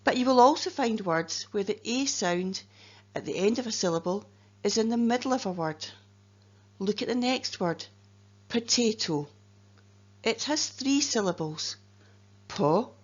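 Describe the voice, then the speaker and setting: A woman with a Scottish accent, a teacher slowly and carefully explaining spelling patterns and sounding out words letter by letter. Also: a little high, animated. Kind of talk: phonics lesson narration. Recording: dull lo-fi recording.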